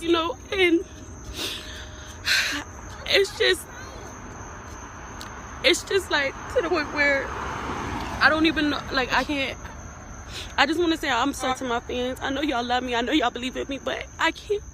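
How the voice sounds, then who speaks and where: A woman who is a rapper, making an emotional video confession in a halting, pleading, repetitive way. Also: sits high, sharp tone, slight background noise.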